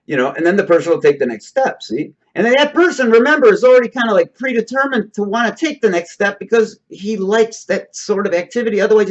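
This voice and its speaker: Host type, a man with a higher voice and a swooping delivery; casual, rambling explainer; muffled lo-fi recording. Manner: rambling, checks in with "okay?". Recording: dull lo-fi recording.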